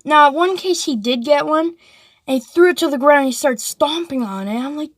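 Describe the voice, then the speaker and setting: A woman's voice: sits high, normal speed, no room sound, clean studio sound. A woman telling a story casually, rambling with lots of "like" and restarts.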